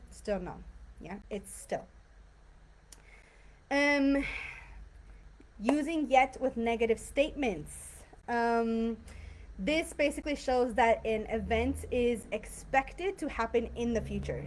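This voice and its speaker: A woman leads a live online English lesson over a video call, her voice sitting a little high. She explains patiently, often pausing on fillers and checking in with a quick "right?". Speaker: English teacher. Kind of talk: live online grammar class.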